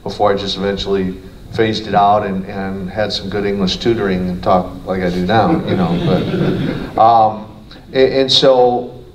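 A man's voice: on the low side, fairly even intonation, unhurried. Guy rambling in an interview, lots of restarts, echoey room, mic a ways off. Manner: rambling, with many restarts and fillers. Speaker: guest, former wrestler. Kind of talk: casual interview. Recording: roomy, distant mic, faint noise.

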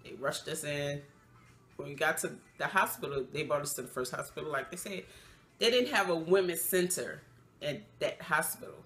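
Low-voiced woman. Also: normal speed. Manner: emotional, animated retelling with acted quotes; loose, chatty, many fillers. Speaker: vlogger. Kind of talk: casual storytime.

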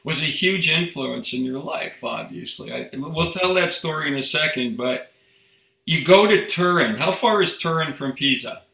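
A man's voice: on the high side, lively intonation, moderate pace, creaky, bright, forceful tone. A man hosting an interview, asking questions in a teasing, playful way. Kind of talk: casual interview conversation. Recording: echoey room.

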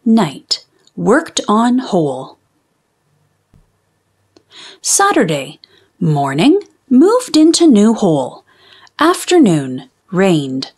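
A woman voicing a sleepy, bossy, carrot-demanding wombat in a children's storybook, with deadpan diary entries and sleepy words whispered. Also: mid-range voice, extremely slow, long pauses, husky, full character voice. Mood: dry, sleepy.

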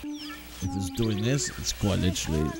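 A man's voice: deep voice, animated, normal speed, vocal fry, over music. A man with an Australian accent giving casual, chatty reaction commentary while watching a movie. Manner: chatty, exclamatory.

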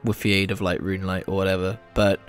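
A man's voice: low voice, flat delivery, fast, soft background music. A man giving casual, wry commentary over a game playthrough, often swearing and joking. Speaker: gaming video creator.

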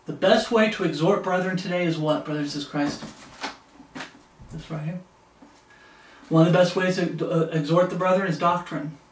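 A man preaching a casual Bible-teaching sermon, earnest and exhorting, with emphatic reading of scripture. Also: on the high side. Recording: echoey room, voice from a distance.

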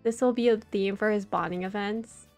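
A woman's voice: medium pitch, fairly even intonation, moderate pace, darkish tone, soft background music. A young woman streaming a game, chatting playfully and crudely, often laughing at her own jokes. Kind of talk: casual gaming commentary.

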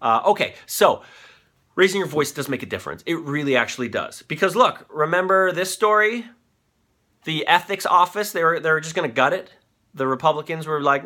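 A man's voice: fairly high pitch, expressive, normal speed, pushed and bright. A man in his thirties hosting a comedic news commentary show, ranting with profanity while on cold medication. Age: 30s. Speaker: host.

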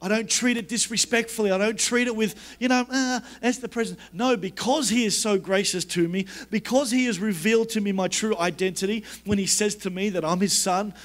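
A young man preaching a conference sermon in a conversational, joking way that builds to fervent emphasis. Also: high voice. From Australia. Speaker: guest preacher.

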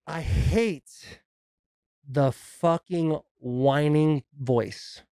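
A man co-hosting a podcast, telling animated stories in casual chat and mimicking his kids' voices. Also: a little high, extremely slow, vocal fry, clear, resonant tone, dry recording. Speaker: podcast co-host.

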